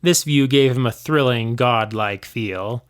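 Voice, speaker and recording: A man's voice: mid-range voice, unhurried, clean tone. A man reading his own old fanfiction aloud, expressively, acting out the voices.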